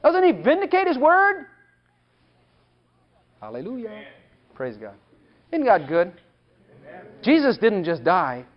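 A man delivers an emphatic sermon in a strikingly high voice that swoops up and down. He keeps asking the congregation questions and slips into speaking as God. The recording sounds dull and lo-fi. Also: huge pitch swings, takes it slowly, pauses often. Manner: emphatic, rhetorical questions, acts out God's voice. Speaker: preacher.

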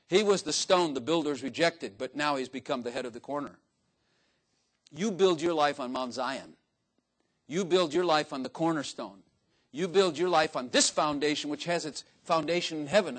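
An older man delivers a sermon, his voice sitting a little high for a man. He preaches in a folksy, joking way, slipping into little acted-out dialogues with different voices. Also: a bit bright. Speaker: pastor.

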